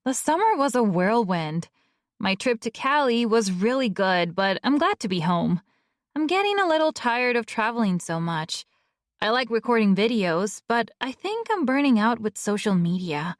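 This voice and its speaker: A woman's voice: a little high, big pitch swings, moderate pace, no echo, studio quality. A woman voicing a young influencer reading her journal in a wistful, confiding way.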